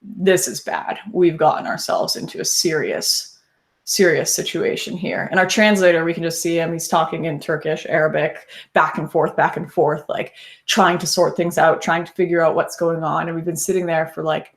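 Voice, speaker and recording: A young woman tells a story of her own in a relaxed, conversational way. Her voice sits a little low, and she is animated, breaking into laughter as she goes. It sounds like unscripted talk rather than a read text. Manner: animated, laughs often while telling the story. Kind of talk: casual first-person storytelling.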